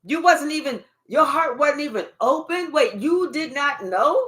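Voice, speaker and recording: A woman's voice: sits high, lively intonation, measured pace, fairly bright tone. Emphatic, profane woman card reader. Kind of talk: livestream reading to viewers.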